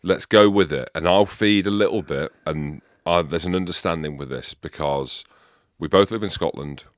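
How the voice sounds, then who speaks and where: Very deep-voiced man hosting a podcast. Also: moderate pace, dry recording, studio quality. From England. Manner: emphatic, leading questions. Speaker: podcast host. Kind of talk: casual podcast chat.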